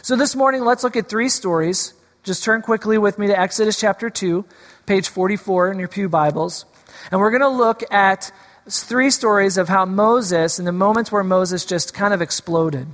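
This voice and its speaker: A man's voice: sits high, normal speed, fairly bright tone. A man preaching a sermon as a pastor, playful and teasing at first, then earnest. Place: church sanctuary. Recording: long hall reverb.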